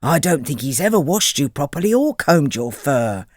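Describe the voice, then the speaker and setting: A man's voice: fairly high pitch, very animated, moderate pace, dry recording, clean studio sound. A man voicing a kind, loyal male camel who sympathizes with his friend in a storybook. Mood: sympathetic. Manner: sympathetic, chatty.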